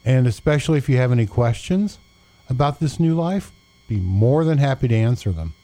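A man co-hosting a Christian radio show as a pastor, giving unhurried, fatherly advice with frequent pauses and fillers. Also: medium pitch, lively intonation, mellow. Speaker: pastor and co-host. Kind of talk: casual Christian radio talk.

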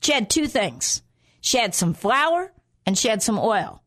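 A woman's voice: fairly high pitch, very animated, a little slow, fairly bright tone. A woman preaching a sermon in an earnest way, often repeating phrases for emphasis.

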